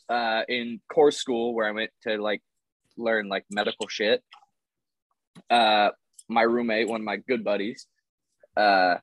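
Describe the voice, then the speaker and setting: A young man in his twenties telling stories in a casual podcast chat, swearing often and animated. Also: mid-range voice, dry recording, poor audio. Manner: swears a lot, animated storytelling. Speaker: podcast guest.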